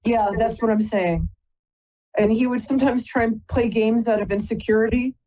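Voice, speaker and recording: A woman's voice: on the high side, fairly even intonation, normal speed, dark tone, dull audio. A woman hosting a live call-in psychic reading, chatty and rambling, often stopping to apologize. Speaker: psychic reader and host.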